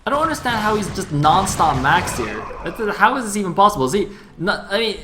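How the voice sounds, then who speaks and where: Analytical male caster, high voice, very fast talk, music clearly under him. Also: very animated. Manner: analytical, gets loud in fights. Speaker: esports caster. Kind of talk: live game commentary.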